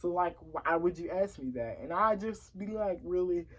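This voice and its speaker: A woman's voice: lowish voice, expressive, normal speed, lo-fi sound. A woman talking candidly to camera, frustrated and repeating words for emphasis. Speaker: vlogger. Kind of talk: casual personal vlog talk.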